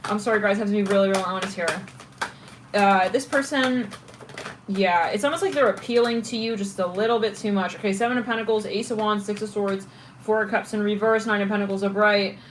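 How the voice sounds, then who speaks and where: A woman's voice: medium pitch, fairly even intonation, a little fast, a little hiss or hum, rough recording. Chatty woman giving a tarot reading. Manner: chatty, thinks aloud with restarts while reading cards. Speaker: tarot reader.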